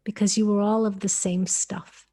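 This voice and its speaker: An American-born woman giving calm, measured spiritual guidance on a webinar call, speaking as "we". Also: medium pitch, slightly rough. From United States. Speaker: spiritual channeler.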